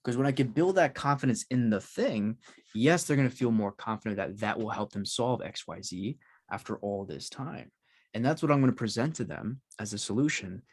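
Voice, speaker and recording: A man's voice: mid-range voice, expressive, moderate pace, darkish tone, husky. A male podcast host explaining his ideas with energy, asking himself rhetorical questions and often filling gaps with "like". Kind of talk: casual interview talk.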